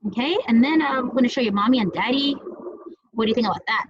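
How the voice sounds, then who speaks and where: A woman's voice: on the high side, fast, muffled recording, noisy background. A young woman teacher cooking at home while teaching small children, talking in a playful sing-song way and making animal sounds.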